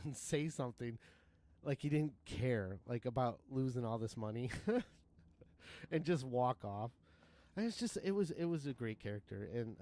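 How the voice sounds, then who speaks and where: A man in his thirties or forties with a mellow, medium-pitched voice streams a game, rambling casually, swearing, and laughing often. It's relaxed gaming commentary from a livestreamer.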